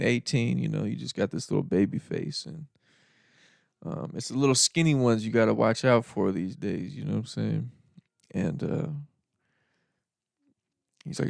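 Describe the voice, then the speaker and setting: A man with a deeply gravelly, crackling voice tells stories on his podcast. He rambles in a laid-back way, chuckling and tossing in asides. The sound is dry and close, with no room around it. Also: no echo. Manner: laid-back rambling with frequent laughs and "you know". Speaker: podcast host. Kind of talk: casual storytelling monologue.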